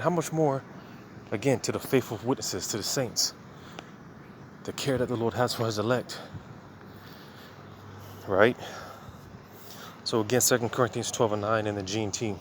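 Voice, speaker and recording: Man, mid-pitched voice, informal preaching, chatty street-style talk, cars passing in the background. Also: normal speed, long pauses, noisy background. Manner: conversational preaching, frequent "man" and "you know". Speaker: religious teacher. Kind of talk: casual video sermon.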